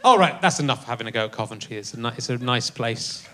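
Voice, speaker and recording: A man's voice: mid-range voice, expressive, quick pace, pushed and bright. A middle-aged man hosting a live comedy podcast on stage, wry and teasing, laughing often. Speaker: podcast host. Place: theatre stage before a live audience.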